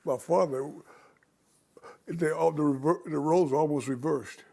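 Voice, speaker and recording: Older guy with a gravelly husky voice, slow easy storytelling, stops and restarts a bit. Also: on the high side, dark tone. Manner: unhurried, reflective storytelling with small restarts. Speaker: interview guest. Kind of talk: storytelling in conversation.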